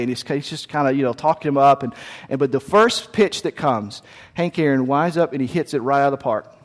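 A man's voice: mid-range voice, lively intonation, a little fast, long reverb tail. A man preaching a sermon as pastor, in a conversational, folksy storytelling manner with frequent restarts.

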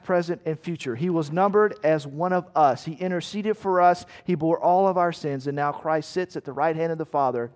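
A male pastor with a fairly high voice preaches an earnest sermon. He drives his points home emphatically with rhetorical questions. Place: church meeting room.

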